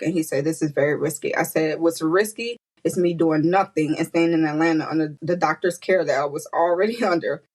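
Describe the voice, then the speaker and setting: A woman guest on a podcast, telling a personal story with animated quoted voices and frequent laughter. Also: rough recording. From United States. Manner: animated, acts out quotes with high pitch, laughs often. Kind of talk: emotional storytelling interview.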